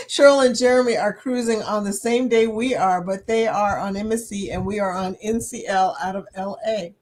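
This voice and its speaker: A woman's voice: medium pitch, normal speed. A middle-aged woman hosting a casual livestream chat, reading viewer comments aloud and laughing often as she talks. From United States. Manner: laughs often, chatty and animated.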